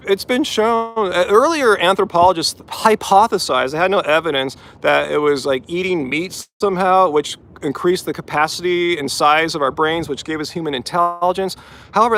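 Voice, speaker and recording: A man's voice: fairly high pitch, a bit bright. A man hosting a live vegan Q&A after a run, talking at length and firmly rebutting commenters' questions. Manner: talkative, pointed, rebutting commenters. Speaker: vegan channel host answering live chat questions. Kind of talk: live-stream Q&A.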